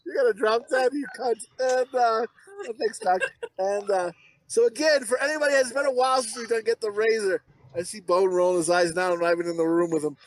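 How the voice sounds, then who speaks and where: A man's voice: high voice, fairly quick, rough recording. A man on a casual podcast, ranting profanely through a story and laughing often. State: has high blood pressure. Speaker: podcast co-host. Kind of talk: casual chat.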